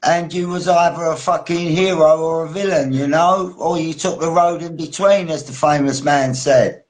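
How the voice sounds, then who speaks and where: A man's voice: fairly high pitch, fairly even intonation, moderate pace. A man from South East London with a London accent, a guest on a podcast, chatting easily and bluntly with the odd swear. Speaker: actor and author guest. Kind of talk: casual interview chat.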